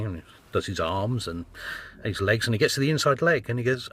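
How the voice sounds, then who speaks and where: Casting: man, joke teller, bright husky voice, meandering and self-interrupting delivery, dry close sound. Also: medium pitch, lively intonation, fairly quick. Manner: rambling, self-interrupting, chuckling storyteller. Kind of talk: casual joke telling.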